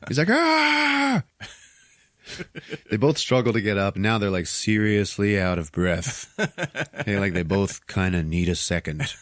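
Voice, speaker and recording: A man with a deep, low voice recaps a film scene by scene on his podcast. He swears freely and chuckles as he goes. The recording is dry and close. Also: no echo. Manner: profane, chuckling, animated retelling. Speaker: podcast host. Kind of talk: casual movie recap.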